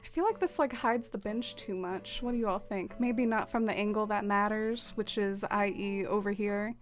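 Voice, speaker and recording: A young woman streamer chatting casually with her viewers as she decorates, full of "like" and quick laughs. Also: mid-range voice, level tone, soft background music. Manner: chatty, many fillers, laughs often. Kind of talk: casual livestream chat with viewers.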